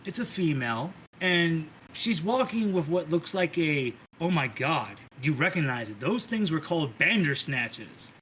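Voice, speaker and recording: A man narrating a tabletop game as game master, in a rambling, animated way with some swearing. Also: on the high side, slight background noise, poor audio. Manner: rambling, animated storytelling with profanity.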